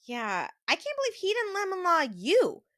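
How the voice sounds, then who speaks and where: A woman's voice: very high voice, wildly swooping pitch, normal speed, a bit bright. A woman co-hosting a podcast over a remote call, reacting to a story with emphatic exasperation. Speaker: podcast co-host. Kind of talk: casual chat reactions.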